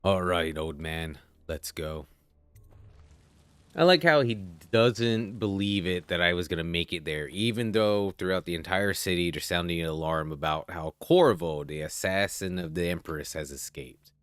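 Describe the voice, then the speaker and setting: Deep-voiced man chatting over a game. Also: measured pace, a bit bright, clean tone, dry recording. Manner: chatty, jokey, reads game notes aloud in voices. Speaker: let's play host. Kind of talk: casual gameplay commentary.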